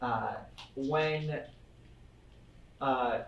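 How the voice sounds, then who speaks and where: A man's voice: medium pitch, drawn-out words, vocal fry, fairly bright tone, highs cut off, slight background noise. A man running a tabletop game as game master, teasing his players and narrating loosely with fillers. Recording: roomy, distant mic.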